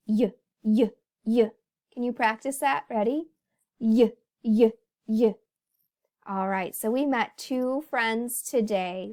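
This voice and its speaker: A woman teacher giving an animated phonics lesson to young children, telling the letters' stories and talking to them as boys and girls. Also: fairly high pitch.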